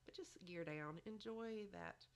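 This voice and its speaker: A woman's voice: lowish voice, unhurried, clear, resonant tone. A woman giving motherly advice in a chatty podcast conversation, often saying "you know". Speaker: podcast guest. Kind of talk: casual advice chat.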